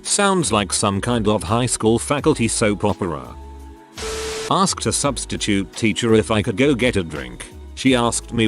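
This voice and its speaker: A man with a lower voice narrates a run of anonymous stories in a scripted read-aloud style. His intonation swings widely and expressively, and he now and then trips over a word. Soft music sits faintly underneath. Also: expressive, unhurried.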